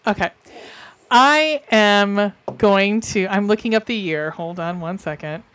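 A woman's voice: mid-range voice, measured pace, a bit bright. A woman co-hosting a podcast in casual chat, rambling with fillers and restarts. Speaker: podcast co-host.

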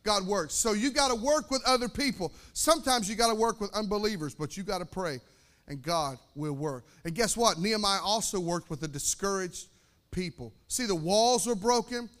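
A man preaching a sermon as pastor, energetic, repeating phrases and calling for amens. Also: sits high, moderate pace.

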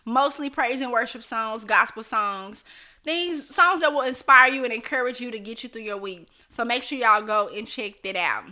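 Bright, high-voiced chatty woman host. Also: moderate pace. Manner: chatty, laughs often, talks straight to viewers. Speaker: live stream host. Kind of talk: casual live chat reading comments.

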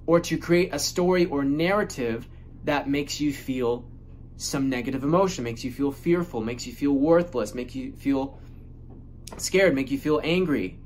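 A man talking through a self-help monologue in a casual, emphatic way. He repeats his points for force and swears without hesitation. His voice sits at a medium pitch, with a faint hiss of noise behind it. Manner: emphatic, repetitive, swears freely.

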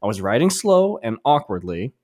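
Man reading a story with lively pitch. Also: normal speed. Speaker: podcast co-host. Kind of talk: reading a listener story aloud.

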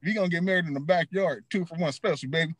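A man's voice: on the high side, fast talker, fairly bright tone, no echo. A man performing a casual stand-up bit on a live comedy stream, joking in a laid-back way. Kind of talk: stand-up set.

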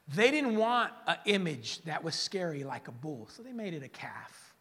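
Male pastor, bright husky voice, lively joking sermon delivery, long church reverb. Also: fairly high pitch, normal speed, few pauses. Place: church hall.

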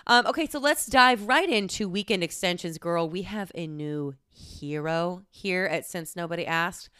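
A woman's voice: fairly low pitch, moderate pace, few pauses, a bit bright, smooth, no room sound, clean studio sound. A woman in her twenties hosting a podcast, telling a story in a chatty, casual way, swearing freely and saying "like" a lot. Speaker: podcast host.

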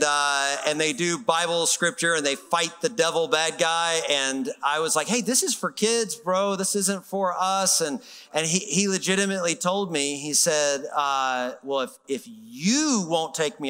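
A man's voice: fairly high pitch, smooth, big-room sound. A middle-aged man preaching in a conversational, storytelling way, acting out the voices of people in his stories. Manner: animated, conversational, acts out quoted voices. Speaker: pastor. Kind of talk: sermon storytelling.

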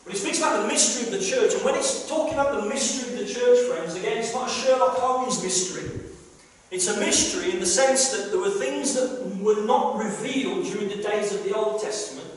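A man's voice: high-pitched, brisk. A man pastor preaching a sermon, emphatic, repeating phrases and asking rhetorical questions. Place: church hall, live service. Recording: echoey live church hall recording from far off.

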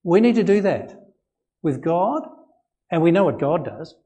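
A man's voice: fairly high pitch, sing-song, unhurried, dark tone. A male pastor preaching a sermon in a church, earnest and conversational, often repeating phrases and chuckling between points. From Australia.

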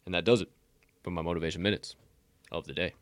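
This casual motivational podcast segment comes from a man with a lowish voice who talks quickly, bluntly and profanely, rambling and starting over as he goes. The sound is dry and close, with no echo.

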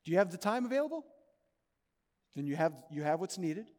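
A man preaching a sermon as pastor of his church, earnest, moving between loud urging and soft, hushed pleading. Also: high-pitched, sing-song, fairly quick, long reverb tail. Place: church sanctuary.

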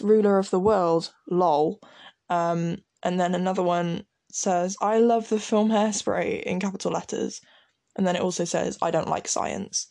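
Giggly young woman, gravelly edge. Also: medium pitch, dry recording, studio quality. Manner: giggly, self-mocking, animated. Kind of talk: casual chat, reading from an old diary.

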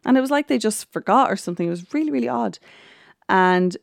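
A woman's voice: mid-range voice, expressive, brisk, gravelly, no room sound, studio quality. A woman hosting a podcast, chatting casually through an episode recap with plenty of ums, restarts and quoted lines. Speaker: podcast host.

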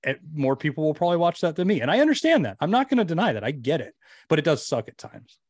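A man guest on a podcast, chatting casually as an animated storyteller with lots of fillers. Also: on the high side, quick pace, dry recording, clean studio sound.

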